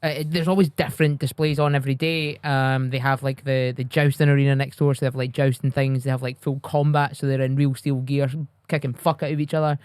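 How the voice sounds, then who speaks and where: A man's voice: mid-range voice, brisk, hardly any pauses, clear, resonant tone, no room sound. A man from the UK co-hosting a podcast, chatting casually with frequent ums and uhs. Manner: relaxed, hesitant with frequent fillers. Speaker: podcast co-host. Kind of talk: casual chat.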